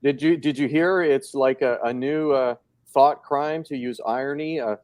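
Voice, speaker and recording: A man's voice: mid-range voice, normal speed, darkish tone, no echo. A man co-hosting a casual political chat, rambling and sarcastic, with lots of fillers.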